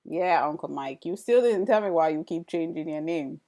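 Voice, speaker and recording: A woman's voice: low-pitched, animated, moderate pace, warm tone. A woman hosting a casual live stream, chatting with viewers and laughing often while she works. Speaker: livestream host.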